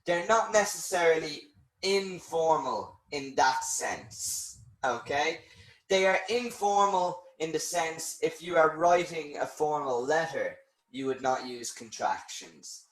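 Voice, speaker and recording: A man teaching an online English lesson, explaining slowly and clearly and checking in with "okay". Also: a little high, animated, a bit bright, echoey room, low-quality recording.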